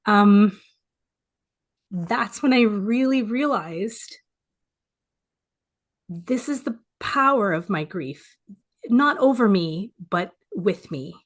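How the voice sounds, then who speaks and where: Woman, forties, heartfelt personal sharing; soft, pausing delivery, close to tears, home video call. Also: mid-range voice. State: teary. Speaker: support group speaker. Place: home office. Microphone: home office video call.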